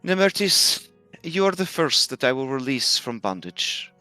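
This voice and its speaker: A man's voice: medium pitch, big pitch swings, unhurried, pushed and bright, no room sound, soft background music. A man voicing a powerful fae woman of the autumn wind, speaking loftily. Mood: lofty.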